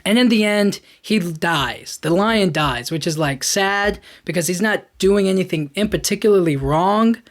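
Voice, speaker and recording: A man's voice: high voice, normal speed, hardly any pauses. A man hosting a podcast, recapping a film in a casual, rambling way with lots of fillers and restarts. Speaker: podcast host.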